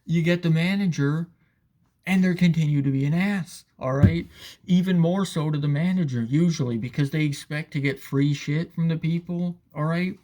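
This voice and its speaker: A man's voice: a little high, moderate pace, darkish tone. A man giving a casual, profane, sarcastic rant as commentator, often asking "all right?".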